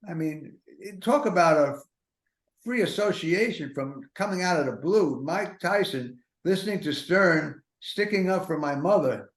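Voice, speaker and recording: A man's voice: a little high, lively intonation, measured pace. An older man in his seventies hosting a podcast, rambling through comic stories full of self-mocking, neurotic asides. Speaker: podcast host. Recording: roomy echo.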